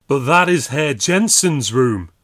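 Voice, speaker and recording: A man's voice: on the high side, expressive, normal speed, fairly bright tone, no room sound, clean studio sound, voice pushed up. A man voicing a frightened older innkeeper who speaks fearfully and wails, in a spoken ghost story. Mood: wailing. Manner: wailing, fearful. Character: frightened male innkeeper, older, sweating and quivering.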